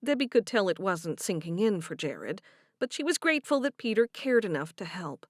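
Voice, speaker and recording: A woman's voice: mid-range voice, big pitch swings, normal speed, no room sound, studio quality. A woman reading a novel aloud as an audiobook narrator, giving each character a voice.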